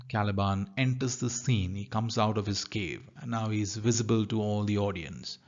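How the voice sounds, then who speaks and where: A man's voice: fairly low pitch, darkish tone, dull audio. A man teaching literature, reading lines from a play and explaining them carefully. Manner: slow, careful, reads lines then paraphrases.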